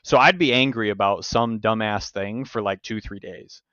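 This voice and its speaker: A man hosting a podcast, telling stories in casual, profane, animated chat. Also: lowish voice, normal speed, clean tone, dry recording, highs cut off. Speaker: podcast host.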